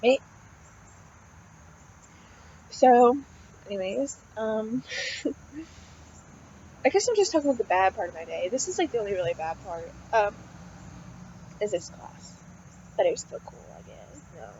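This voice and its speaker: A woman's voice: medium pitch, expressive, measured pace, pauses often, warm tone, lo-fi sound, slight background noise. A young woman, a college student, talking casually and venting in a rambling way, swearing often and filling her speech with "like" and "um". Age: young adult. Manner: rambling, swears often, heavy use of "like" and fillers.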